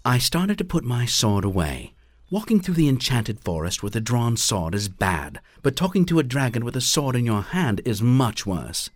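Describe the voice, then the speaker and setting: A man narrating a fantasy audiobook in the first person, with a wry, lively storytelling manner. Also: mid-range voice, moderate pace, no room sound.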